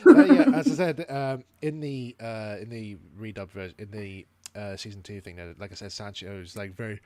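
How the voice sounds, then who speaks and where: Lively man chatting about a cartoon. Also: on the low side, normal speed, few pauses, no room sound. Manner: animated, laughs often, acts out lines. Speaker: podcast host reviewing an animated series. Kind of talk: casual chat.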